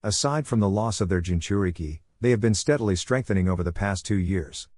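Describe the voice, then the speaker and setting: A man puts on a young kunoichi who needles her elderly grandfather with dry mockery. The voice sits low and close to the mic in a dry space. It reads as a storybook fan fiction scene. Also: brisk, a little mellow, no room sound, natural voice. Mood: grim. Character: sharp-tongued young kunoichi granddaughter, mocking. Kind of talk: fan fiction read-aloud.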